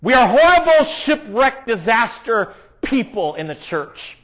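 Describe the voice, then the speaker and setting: A man's voice: extremely high pitch, big pitch swings, a little slow. A man preaching a sermon in an earnest, conversational way, with emphatic rises. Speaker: pastor. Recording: dull, lo-fi sound.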